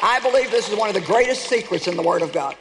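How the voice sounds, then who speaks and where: A woman's voice: mid-range voice, lively intonation, fast talker, crowd noise, background noise. A woman preacher giving an emphatic sermon, calling out to her audience with rhetorical questions. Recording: long reverb of a large hall.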